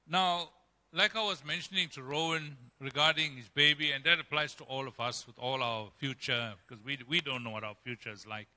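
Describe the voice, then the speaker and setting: A male pastor preaching a sermon emphatically, swinging between loud, raised passages and quiet, low ones. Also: moderate pace. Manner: emphatic preaching with dramatic swings in pitch and loudness. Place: church. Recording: long church-hall reverb.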